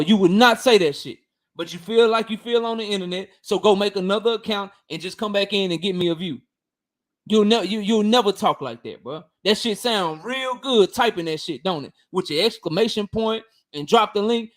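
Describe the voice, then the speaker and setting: A man's voice: high voice, fairly bright tone. A man hosting a boxing livestream and reading chat, talking bluntly and profanely, heated and repeating himself. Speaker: boxing channel host.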